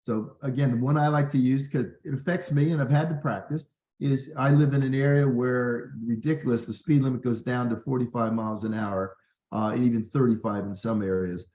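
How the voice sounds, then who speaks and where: A man's voice: mid-range voice, fairly even intonation, brisk, dark tone, roomy sound, rough recording. A man, a physician, hosting a workshop in an earnest, conversational way with many fillers. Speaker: physician and leadership workshop host. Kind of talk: workshop talk.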